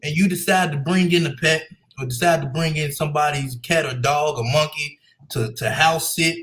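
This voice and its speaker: A man with a high, bright voice trades laid-back, casual banter as a morning radio co-host. He tells his stories in an easygoing way. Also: moderate pace. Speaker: sports co-host.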